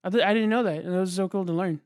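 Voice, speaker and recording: Higher-voiced casual young podcast guy. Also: racing, darkish tone, smooth, dry recording, studio quality. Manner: loose, laughs easily. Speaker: podcast co-host. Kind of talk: casual chat.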